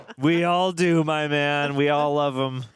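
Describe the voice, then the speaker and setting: A man hosting a movie reaction, chatting casually, laughing often and cracking quick jokes. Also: fairly high pitch, fairly even intonation, very noisy. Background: movie soundtrack playing.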